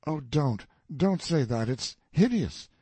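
A man's voice: a little high, lively intonation, takes it slowly, mellow, slightly rough, no room sound, pitched above the performer's own voice, heavily acted. A man reading the part of an anxious, easily alarmed companion in an audiobook, speaking plaintively. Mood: anxious pleading. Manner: pleading, plaintive.

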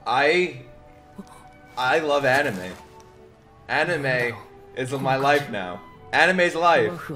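Excitable man shouting reactions over music. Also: medium pitch, extremely slow, pauses often. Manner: excitable, swears, laughs and shouts at the screen. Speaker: anime reaction streamer. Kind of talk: casual reaction commentary. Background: anime soundtrack music playing.

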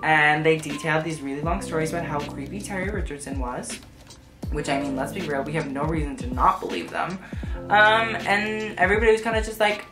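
A woman with a low voice delivers blunt, sarcastic vlog commentary laced with swearing. Her voice bounces around an echoey room. Music plays underneath throughout. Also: a little fast. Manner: profane, sarcastic, frank. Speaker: fashion vlogger. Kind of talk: casual commentary.

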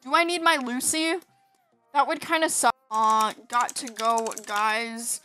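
A woman's voice: on the high side, fairly even intonation, measured pace, pushed and bright, soft background music. A woman chatting casually over her gameplay, rambling and giggly, sleepy from staying up. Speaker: gaming video host.

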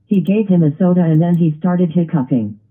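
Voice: medium pitch, brisk, husky, natural voice. A computer voice doing a stern princess. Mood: scolding. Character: stern ogre princess wife. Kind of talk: text-to-speech grounded video. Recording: tinny phone-like lo-fi audio.

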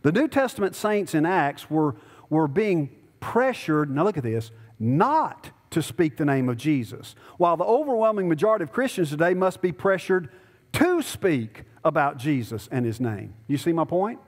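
A man preaches from the pulpit, moving from easy conversational explanation to urgent, emphatic pleading. His voice sits fairly high for a man. The sanctuary around him rings with a long reverb. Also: sing-song, moderate pace. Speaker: pastor. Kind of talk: sermon. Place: church sanctuary.

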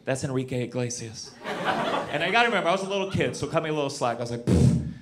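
Stand-up comic, male, 30s, lively delivery with big swings, handheld mic over loud audience laughter. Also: on the high side, very fast, heavy background noise. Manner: animated, shouts punchlines, acts out quoted voices. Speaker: stand-up comedian. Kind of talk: stand-up comedy set. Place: comedy club stage with live audience.

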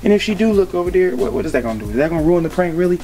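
A man's voice: high-pitched, expressive, very fast, warm tone, soft background music. A young man vlogging in a hotel room, talking hyped and straight to his viewers about a prank setup. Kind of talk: casual prank vlog talk.

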